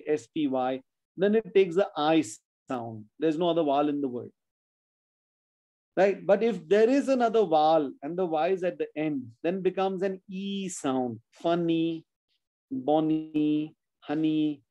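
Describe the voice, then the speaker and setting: A man's voice: on the high side, mellow, poor audio. A man teaching children spelling in an online class, patiently sounding out words letter by letter.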